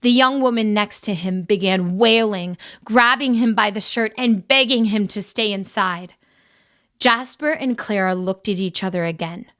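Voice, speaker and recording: A woman reads a fantasy audiobook at a measured, even pace. Her voice sits at a middle pitch for a woman. The reading is scripted narration.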